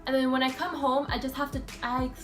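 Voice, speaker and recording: Woman, high voice, chatty, rambling, filler-heavy, casual storytelling, soft music underneath. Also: flat delivery, a little fast. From USA. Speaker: vlogger.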